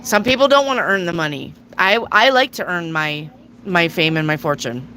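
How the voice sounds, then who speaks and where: Blunt tarot-reading woman, bright voice. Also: on the low side, expressive, normal speed, a little hiss or hum, rough recording. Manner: blunt, swearing, casual. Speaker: tarot reader. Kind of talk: live tarot reading with chat questions.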